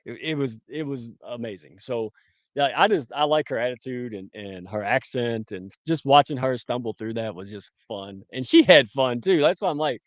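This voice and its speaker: Brief: male co-host, middle pitch, dry close call mic, easygoing banter peppered with dude. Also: expressive, moderate pace, no echo. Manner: loose, laughing, says dude and man a lot. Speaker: livestream co-host. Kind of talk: casual livestream chat.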